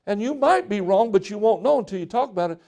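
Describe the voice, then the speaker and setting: A man with a fairly high voice delivers a sermon from the pulpit. He talks in a conversational way, as if chatting with the congregation. Every so often he slips into short acted-out exchanges to make his point. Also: expressive, fast talker, mellow. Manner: conversational preaching with acted-out quotes. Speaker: pastor.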